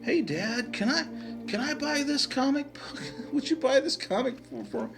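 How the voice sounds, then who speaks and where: A man's voice: very high-pitched, sing-song, measured pace, creaky, music in the background, voice pushed up, full character voice. A man voicing an eager young boy begging his dad to buy something. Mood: pleading.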